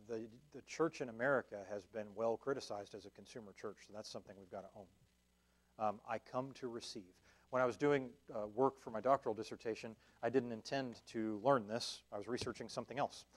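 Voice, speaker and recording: A man's voice: medium pitch, fairly even intonation, a little fast. A man leading a church Bible study, talking it through conversationally with fillers and restarts and checking in with his listeners. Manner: checks in with listeners with a questioning "right?". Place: church meeting room.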